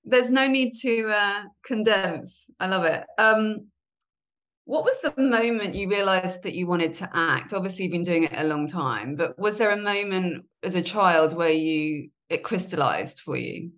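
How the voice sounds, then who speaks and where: A woman's voice: fairly low pitch, lively intonation, measured pace, a bit bright. A woman hosting an interview, enthusiastic and encouraging, laughing often. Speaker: podcast host. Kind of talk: casual interview.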